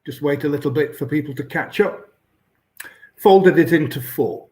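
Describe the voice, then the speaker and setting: English male guest, slightly high voice, patient instructor on a video call. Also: normal speed, a little mellow. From England. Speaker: origami teacher guest. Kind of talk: live online tutorial.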